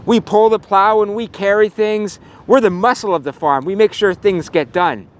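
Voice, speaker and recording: A man's voice: high voice, normal speed, pitched above the performer's own voice, lightly acted. A man voicing a big, strong, self-assured male horse in a children's story, in a firm, dismissive way. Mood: proud.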